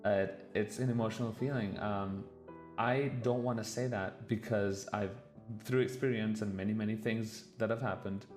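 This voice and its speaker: A man with a fairly low, darkish voice streams a reaction to a documentary, speaking at a moderate pace with fairly even intonation. It's casual live-stream commentary in which he swears freely and gets openly emotional, with faint music behind.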